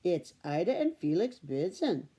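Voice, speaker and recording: A woman's voice: lowish voice, big pitch swings, measured pace, warm tone, breathy edge, full character voice. A woman voicing a plump, welcoming older farm wife with a German accent and homey broken English. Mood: friendly.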